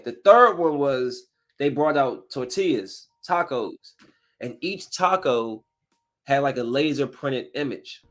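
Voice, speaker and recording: Male podcast host, mid-range voice, casual rambling recap with acted-out quotes, faint music underneath. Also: medium pitch.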